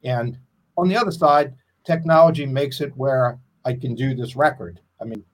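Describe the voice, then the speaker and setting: A man's voice: medium pitch, moderate pace. Rambling middle-aged man, casual musician. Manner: rambling, self-deprecating, trails off. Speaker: independent musician. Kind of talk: casual podcast chat.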